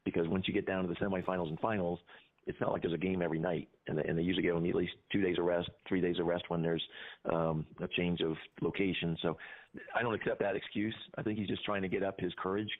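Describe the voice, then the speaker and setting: Sarcastic deep-voiced man on a tinny line. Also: fairly even intonation, fast. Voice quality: sarcastic, rambling. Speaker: radio show co-host. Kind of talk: casual radio chat.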